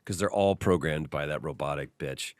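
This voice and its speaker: A man's voice: very deep voice, normal speed, no echo, studio quality. A man hosting a podcast, chatting casually and acting out the voices in his stories. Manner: animated storyteller, acts out quotes. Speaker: podcast host. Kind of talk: casual chat.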